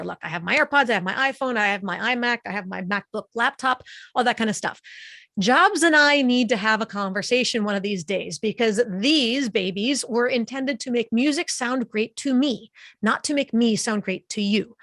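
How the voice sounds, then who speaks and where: A woman presents a webinar to her audience in a lively, conversational manner. Her voice sits in the middle of the range and comes through a close microphone in a dry, unreverberant space. She talks like a friendly teacher who acts things out. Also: medium pitch, no echo. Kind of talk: online presentation. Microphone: studio microphone up close.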